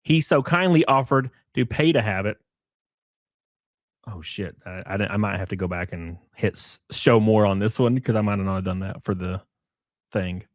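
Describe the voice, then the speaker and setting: A man's voice: lowish voice, moderate pace, no room sound, studio quality. A man giving casual, profane commentary as host, reading messages aloud and mocking their subject with sarcasm and laughter.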